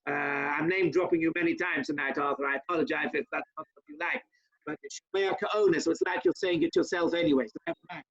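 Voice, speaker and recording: A man, a rabbi, teaching an informal class over a video call, talking fast with chatty asides to his listeners. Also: on the high side, a bit bright, slightly rough, muffled recording.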